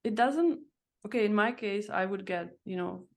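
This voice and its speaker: A woman's voice: medium pitch, normal speed, gravelly. A woman in her thirties, a podcast guest, telling her story in a reflective, searching way. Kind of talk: casual interview chat.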